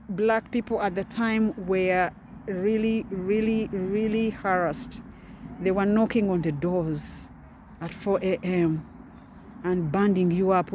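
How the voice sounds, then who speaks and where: A woman's voice: on the low side, noisy background. A woman in her forties, a doctor, giving an impassioned personal testimony with emphatic repetition. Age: 40s.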